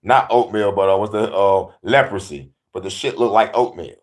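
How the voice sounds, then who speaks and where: A man's voice: on the low side, normal speed. A man hosting a casual comedic rant, swearing freely, laughing often and hammering his points. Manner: profane, laughing, emphatic. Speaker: host.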